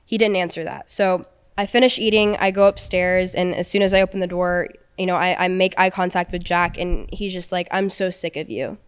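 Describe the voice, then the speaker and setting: A young podcast guest casually tells a personal story, quoting the lines people said. She talks a little fast with few pauses, in a low-leaning voice that is steady and clean in tone.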